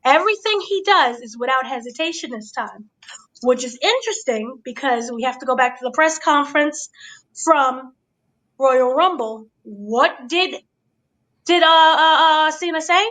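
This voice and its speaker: A woman hosting a casual review chat, giving an excited blow-by-blow recap and checking in with her listeners. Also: high voice, measured pace, rough recording. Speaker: podcast host.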